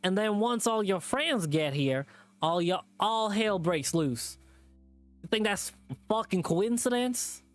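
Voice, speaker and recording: A man voicing a menacing male hillbilly animal thug while reading a visual novel aloud, in a slow, drawling, threatening way. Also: high voice, lively intonation, no room sound, soft background music, voice pushed up. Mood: angry.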